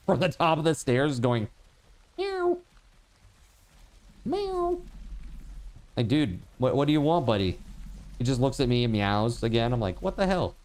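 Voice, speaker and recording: Here a man with a mid-range, slightly mellow voice plays a game on stream. He chats and rambles to the viewers in his chat, with plenty of fillers.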